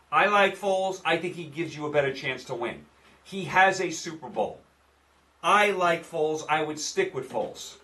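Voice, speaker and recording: A man with a New York accent hosts his own show of football betting picks, hammering his opinions home by saying them again and again. His voice sits a little high for a man and sounds slightly off the mic. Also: a bit bright, distant mic. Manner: opinionated, repeats himself for emphasis. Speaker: sports picks host. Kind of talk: casual sports betting commentary.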